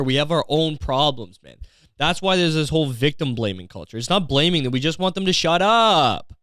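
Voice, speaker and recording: A man's voice: a little high, fairly bright tone, smooth, no echo, clean studio sound. A young man hosting a comedy podcast, ranting in a profane, sarcastic way and slipping into mocking voices. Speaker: podcast host.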